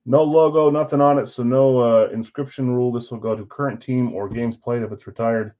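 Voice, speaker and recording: A man hosts a live stream card break in a relaxed, chatty way, thinking aloud as he works and brightening for each countdown. His voice sits at an ordinary middle pitch. The stream audio is slightly dull and lo-fi. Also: fairly quick.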